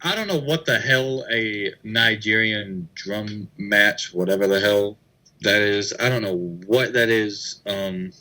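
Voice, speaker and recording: A man on a podcast panel, blunt and teasing, swearing casually in relaxed chat. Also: lowish voice, slow pace, poor audio. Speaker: podcast co-host.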